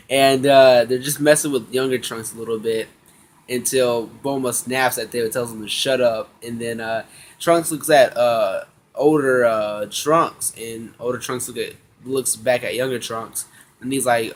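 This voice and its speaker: A man casually recapping an anime episode, slangy and excitable, acting out the characters' lines in quick bits. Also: medium pitch. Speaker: anime review vlogger.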